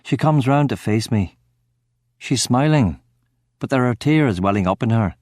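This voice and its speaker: A man giving steady, measured first-person narration of a crime novel audiobook. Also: mid-range voice, no echo, studio quality.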